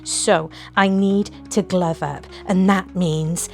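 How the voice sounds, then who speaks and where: A woman with an excitable, gushing manner, chatting casually through a resin craft tutorial at home. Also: fairly low pitch, takes it slowly, soft background music.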